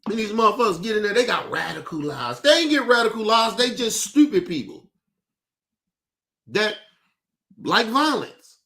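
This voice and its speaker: Heated, cursing man with a high voice. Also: sing-song, normal speed, gravelly, long pauses, sharp tone. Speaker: podcast host. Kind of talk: profane rant on a talk show.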